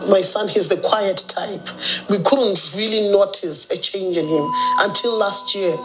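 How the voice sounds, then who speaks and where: A woman's voice: mid-range voice, a little slow, fairly bright tone, soft background music, poor audio. A middle-aged woman with a Zimbabwean accent, an interviewed mother speaking earnestly. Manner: earnest, worried. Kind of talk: documentary interview.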